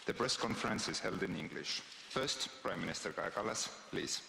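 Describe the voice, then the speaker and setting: Guy announcing speakers, low gravelly voice, kinda bright, echoey hall. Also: lively intonation, slight background noise. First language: Estonian. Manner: slow, formal introductions. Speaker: press conference moderator. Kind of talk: formal announcement. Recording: echoey hall with long reverb.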